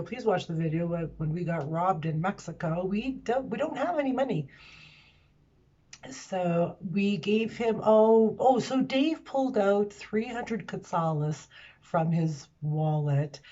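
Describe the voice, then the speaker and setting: A woman's voice: lowish voice, muffled recording. A woman in her sixties telling a travel story in a casual, emotional vlog, acting out the dialogue. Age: 60s. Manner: animated, emotional retelling with quoted dialogue. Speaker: vlogger.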